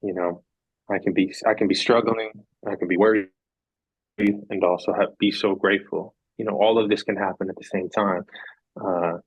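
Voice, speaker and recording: Low husky guy, earnest rambling podcast guest, dry dull sound. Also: fairly even intonation, moderate pace, dry recording. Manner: earnest, rambling, repeats phrases for emphasis. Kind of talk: reflective casual conversation.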